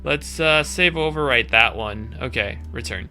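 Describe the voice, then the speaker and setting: A man playing through a visual novel game and commenting in excitable, chatty asides. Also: medium pitch, a little slow, soft background music. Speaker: gaming channel host. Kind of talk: let's play commentary.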